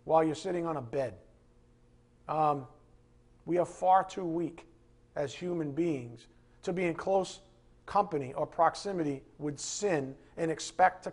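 A male pastor preaching with force, repeating his key lines for emphasis. He breaks in with jokes to loosen up his listeners. His voice sits a little high and sounds husky. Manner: emphatic, with joking asides to the congregation. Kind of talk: sermon.

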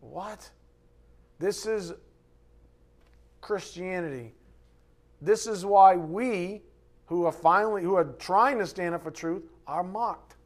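Speaking slowly and pausing often, a male pastor with a slightly higher voice delivers an animated sermon. He shifts from forceful, raised lines to hushed asides and keeps putting rhetorical questions to his congregation.

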